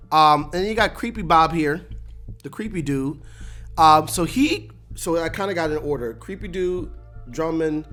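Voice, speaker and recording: A host giving a casual, animated breakdown of a TV episode, laughing often and acting out lines. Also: medium pitch. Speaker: show recap host.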